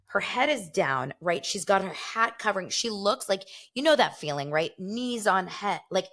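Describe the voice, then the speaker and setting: A woman's voice: medium pitch, animated, normal speed, fairly bright tone. A woman hosting a casual show, rambling through gossipy commentary and laughing often. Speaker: host.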